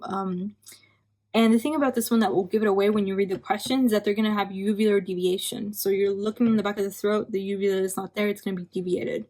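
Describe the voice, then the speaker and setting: A woman's voice: medium pitch, steady tone, fast talker, a little mellow. A young woman giving a casual study review lecture, talking conversationally, repeating key terms and checking in with "right?", a bit tired from hours of recording. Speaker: physician assistant student.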